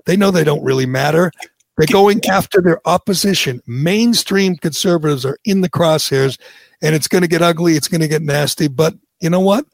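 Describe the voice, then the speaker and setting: A man with a gravelly, slightly high voice hosts a talk radio show. He talks bluntly and heatedly, circling back over his points. The sound is dry and close. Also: normal speed, no room sound. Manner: blunt, heated, repeats himself. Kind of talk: opinionated talk radio chat.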